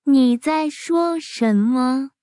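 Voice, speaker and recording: A man voicing an imagined future child who questions its parent in disbelief, in a squeaky mocking put-on voice. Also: drawn-out words, warm tone, no echo, studio quality, full character voice.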